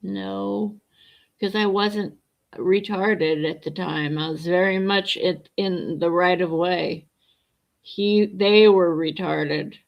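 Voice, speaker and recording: A woman's voice: on the low side, fairly even intonation, slow pace, creaky, lo-fi sound. A middle-aged woman livestreaming, chatting bluntly and answering her viewers' comments as she goes. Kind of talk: casual livestream chat.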